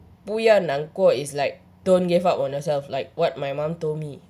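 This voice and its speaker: Low-voiced young woman, rambling. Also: a little fast, mellow. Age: young adult. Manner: rambling, heavy use of fillers, mixes in Malay and Mandarin. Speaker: vlogger. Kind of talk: casual personal vlog.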